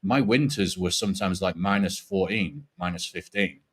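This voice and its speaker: A man in his forties, raised in Yorkshire, talks in a fairly low voice with only a faint Yorkshire accent left. He rambles and swears casually, laughing easily as he chats on a fan stream. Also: animated, moderate pace, a bit bright, breathy edge. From Yorkshire, England. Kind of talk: casual chat.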